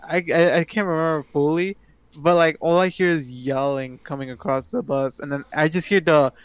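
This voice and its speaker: A man's voice: a little high, normal speed, clean tone, dry recording. A young man co-hosting a podcast, telling a rambling story full of fillers and restarts. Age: young adult. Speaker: podcast co-host. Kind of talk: casual chat.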